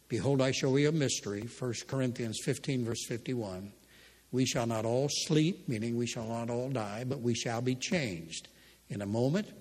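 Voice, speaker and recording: Older guy preaching, kinda husky voice, folksy jokey stories, long church hall echo. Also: mid-range voice, a little mellow. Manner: folksy storytelling, humorous asides. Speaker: pastor. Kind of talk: sermon with scripture reading.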